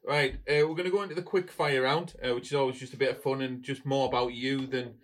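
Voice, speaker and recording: A man hosting a podcast. He asks his questions in an easygoing, casual way, with some ums along the way. His voice has a medium male pitch. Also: steady tone, quick pace. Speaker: podcast host. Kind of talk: casual interview chat.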